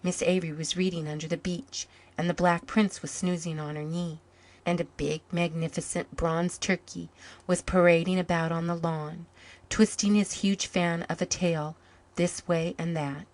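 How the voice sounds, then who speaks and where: A woman reading a story aloud in calm, measured scripted narration. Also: on the low side. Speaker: story reader.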